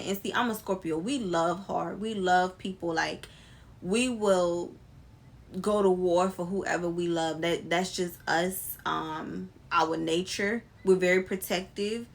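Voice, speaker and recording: A woman's voice: fairly low pitch, unhurried. A young adult woman telling a story to her viewers in a casual, emphatic, slangy way, speaking to a camera mic. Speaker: storytime vlogger.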